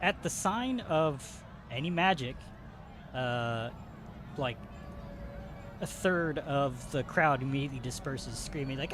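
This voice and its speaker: Guy running a tabletop game, slow and lively, noisy background. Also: medium pitch. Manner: animated, laughing often. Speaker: game master.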